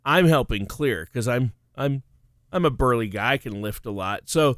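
A man's voice: mid-range voice, animated, normal speed, fairly bright tone, dry recording, studio quality. A middle-aged man co-hosting a finance talk show, telling stories in a chatty way and laughing often. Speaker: radio show co-host. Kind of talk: casual chat.

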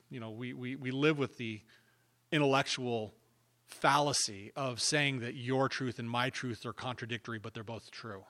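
A man preaching a sermon as pastor, dropping to hushed asides and then rising to emphatic, louder points. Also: medium pitch. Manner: emphatic preaching, swinging between hushed and loud.

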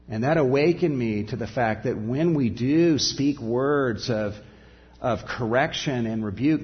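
A middle-aged man preaching a sermon as a pastor, earnest, and at times dropping to a soft hush. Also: medium pitch, muffled recording.

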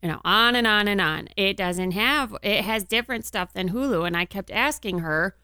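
A woman's voice: medium pitch, moderate pace, sharp tone, smooth, dry recording, studio quality. A woman co-hosting a radio show, answering in a down-to-earth, matter-of-fact way. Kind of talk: casual on-air banter.

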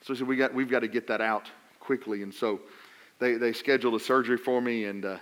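Delivering a sermon, a middle-aged pastor stumbles and restarts through a personal story, then rises into loud, emphatic appeals. His medium-pitched voice stays fairly even in intonation, and he talks fast.

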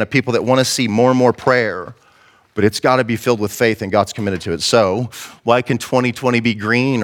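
A male pastor preaching an impassioned, conversational sermon and acting out the quotes he tells. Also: lowish voice.

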